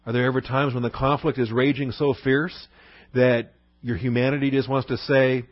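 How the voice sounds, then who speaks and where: A man delivers a sermon in a conversational preaching manner and keeps asking rhetorical questions. His voice sits at a middle pitch. The recording is dry and a little dull. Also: little pitch movement, normal speed, dry recording. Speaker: pastor.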